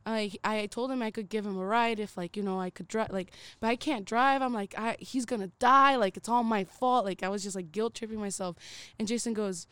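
A young woman co-hosting a podcast tells a story in a casual, animated way, swearing freely and doing the voices of the people in it. Her voice is medium-pitched, clear, and resonant, she talks fairly quickly, and the recording is dry.

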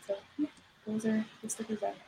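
A woman chatting casually on a podcast, relaxed and easygoing. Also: a little high, fast talker, vocal fry, slight background noise, low-quality recording. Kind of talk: casual chat.

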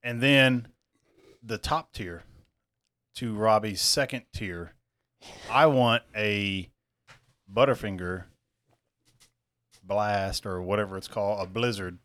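A man's voice: lowish voice, takes it slowly, pauses often, a bit bright, no echo. A man chatting on a podcast in a laid-back, rambling way, often restarting his sentences. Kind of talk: casual podcast banter.

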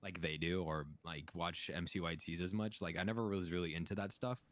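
A man's voice: low-pitched, fairly even intonation, fairly quick, no echo. A young man guest in a casual podcast chat, joking and a bit sheepish.

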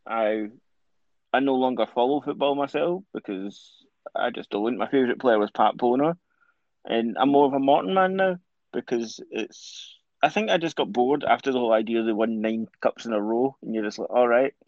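A man's voice: medium pitch, moderate pace, darkish tone, no room sound, lo-fi sound. A Scottish man co-hosting a podcast in casual chat, rambling and stumbling over his words. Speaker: podcast co-host.

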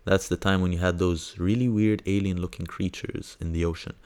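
A man hosting a casual science news podcast, rambling and hesitant with lots of fillers, now and then breaking into high squeals of delight. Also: steady tone, brisk, a little mellow. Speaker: podcast host.

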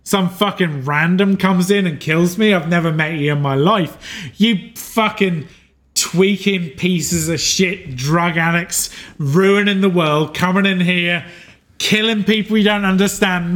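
A man's voice: high-pitched, a bit bright. A man voicing a dying male stranger who spits crude insults. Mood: enraged. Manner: spitting insults, slow and deliberate.

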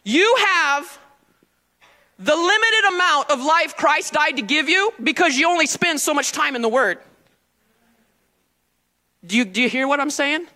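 A woman's voice: high voice, expressive, unhurried, pauses often, pushed and bright. A woman pastor preaching a sermon in a church, emphatic and calling on the congregation to answer back. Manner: emphatic call-and-response preaching. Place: church sanctuary.

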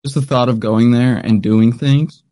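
A man's voice: medium pitch, steady tone, a little slow, dark tone. A man with a wife and kids, co-hosting a podcast in casual, joking chat and swearing casually. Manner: laid-back, jokey, swears casually.

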